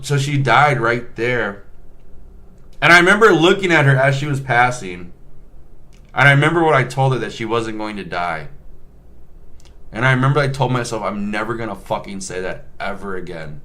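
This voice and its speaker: A male nurse telling a work story in a casual, animated way, joking and swearing often. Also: lowish voice, moderate pace.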